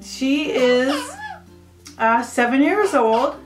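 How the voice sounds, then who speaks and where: Casual pet vlogger, woman, higher voice, echoey home room with faint music under it. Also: big pitch swings, drawn-out words. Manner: chatty, rambling, coos baby talk at her pets. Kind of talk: casual show-and-tell. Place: home with pets.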